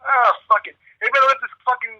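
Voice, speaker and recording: A man's voice: very high voice, fairly even intonation, quick pace, bright, forceful tone, no echo, muffled recording. A man, a rock guitarist guest in a casual phone interview, rambling and swearing as he tells stories and laughs often.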